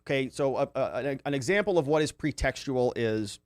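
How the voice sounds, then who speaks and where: A man from Arizona hosts a casual commentary livestream, reading viewer comments aloud and reacting in a loose, conversational way with many fillers. His voice is mid-range and brisk, and the recording is dry with clean studio sound.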